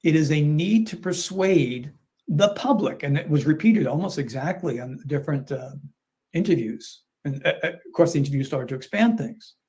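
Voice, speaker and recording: Measured older man lecturing. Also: fairly high pitch, animated, mellow. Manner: measured, lecturing, repeats key points. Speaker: commentator on video. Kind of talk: explanatory commentary.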